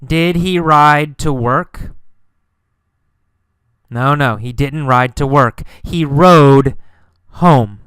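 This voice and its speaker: A man teaching a lesson, speaking slowly and emphatically, repeating key words and questions for learners. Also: a little high, fairly bright tone, clean tone, no room sound, studio quality. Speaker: English teacher. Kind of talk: slow English lesson narration.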